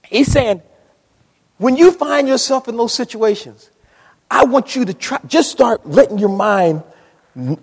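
A man preaches in a church, his husky voice pitched high and leaping all over the place. He drops to a near whisper, then climbs to a shout. The sound carries a long hall reverb. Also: expressive, a little slow, long pauses. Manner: dramatic, swings between hushed and shouting. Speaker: pastor. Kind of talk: sermon.

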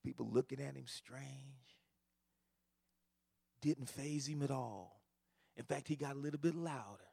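A pastor preaching a sermon, moving from quiet teaching to shouted fervor. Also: male voice, medium pitch, a little slow, creaky, slightly rough.

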